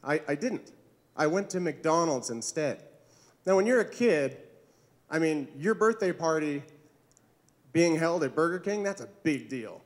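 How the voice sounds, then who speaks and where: Slow-talking stand-up comic, man. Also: fairly high pitch, lively intonation. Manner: awkward, self-deprecating, chuckles at own jokes. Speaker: stand-up comedian. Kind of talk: stand-up comedy set. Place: comedy club stage.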